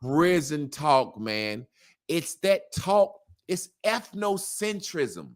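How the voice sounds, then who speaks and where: A man's voice: a little high, very animated, very slow. A man as an interview guest, talking in a casual, emphatic way with slang and repetition.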